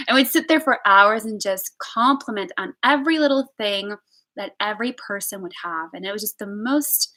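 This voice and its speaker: A woman in her late twenties telling rambling stories in a casual vlog, full of fillers, and she puts on high, excited voices when she quotes her friends. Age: late 20s. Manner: chatty, rambling storytelling with lots of fillers. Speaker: vlogger. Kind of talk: casual chat.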